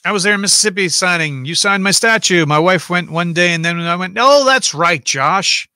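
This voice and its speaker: A man's voice: high-pitched, steady tone, fairly quick, pushed and bright, smooth, dry recording, clean studio sound. A man hosting a casual livestream from home, chatting and rambling as he reads out viewer comments and answers them.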